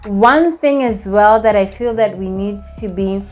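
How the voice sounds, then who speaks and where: A young woman from Botswana recapping a trip in a casual vlog, chatty and animated, with lots of fillers. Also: medium pitch, unhurried. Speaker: vlogger.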